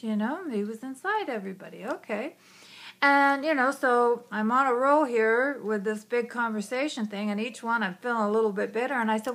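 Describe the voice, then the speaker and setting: A woman's voice: on the high side, moderate pace, vocal fry, a bit bright. A woman, a psychic hypnotist, telling a personal story in a chatty way, often saying "you know" and whispering some quotes. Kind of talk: conversational storytelling.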